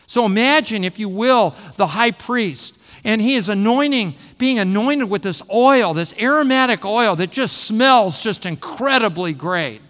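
A man's voice: high-pitched, expressive, measured pace, few pauses, a bit bright, in a large hall. A middle-aged man preaching an expository sermon, teaching and repeating phrases for emphasis. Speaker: pastor.

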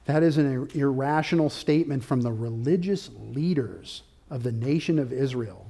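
A man preaching an expository sermon, walking through his outline point by point and rising to forceful, loud peaks of emphasis. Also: mid-range voice, lively intonation, measured pace. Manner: outlined teaching with subpoints. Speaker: pastor.

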